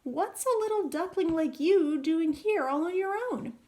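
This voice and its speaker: A woman voicing a big, furry male beaver in a storybook reading, slow and gruff but kind. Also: very high voice, lively intonation, mellow, pitched above the performer's own voice. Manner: grunting, slow.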